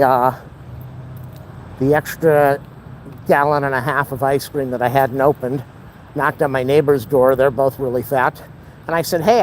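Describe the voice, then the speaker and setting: The vlogger's medium-pitched, darkish voice comes through a rough recording with a little hiss or hum. He walks outdoors holding the camera, rambling wryly and bluntly.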